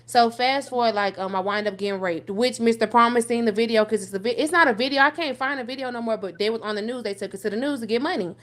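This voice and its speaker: A young woman talks through her own past. She is blunt and profane. She keeps pushing the story on with "so fast forward". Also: on the high side, fairly bright tone. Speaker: guest telling her life story. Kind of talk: candid personal storytelling on a call-in show.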